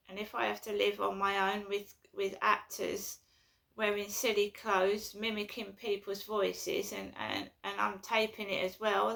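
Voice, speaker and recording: Anxious rambling woman, gravelly and bright. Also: mid-range voice, level tone, measured pace. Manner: anxious, rambling, repetitive complaints. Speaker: vlogger. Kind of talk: casual personal vlog.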